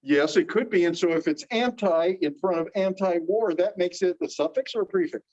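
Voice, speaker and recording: A fairly high-voiced man leads a classroom lecture, walking through each point in order and quizzing his students as he goes. He sounds distant and muffled, picked up by a phone set across the room. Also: normal speed, darkish tone. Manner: explains step by step, quizzes students. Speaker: teacher. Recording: dull phone recording from a distance.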